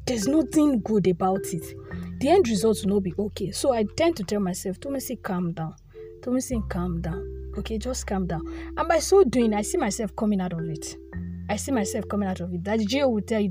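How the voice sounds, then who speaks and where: A woman's voice: mid-range voice, lively intonation, fast, music in the background. A young woman giving an earnest devotional talk, often repeating her phrases. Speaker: devotional speaker. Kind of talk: informal devotional teaching.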